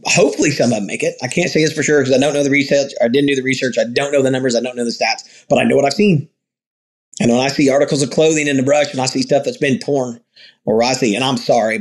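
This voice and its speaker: Man, husky voice, ranch owner, earnest storytelling, loose and rambling. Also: mid-range voice. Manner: earnest, rambling with restarts and quoted dialogue. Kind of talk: conversational interview storytelling.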